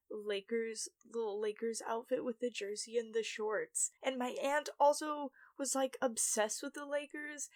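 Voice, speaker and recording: A woman's voice: medium pitch, no room sound, studio quality. A young woman from the United States telling childhood stories in a rambling, self-mocking vlog, with lots of fillers. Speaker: YouTuber. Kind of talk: casual storytime monologue.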